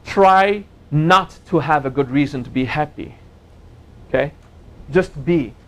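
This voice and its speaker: A man teaching a spiritual seminar in a gentle, playful way, joking with his audience and laughing at his own jokes. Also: fairly high pitch, measured pace, rough recording. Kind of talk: relaxed seminar talk.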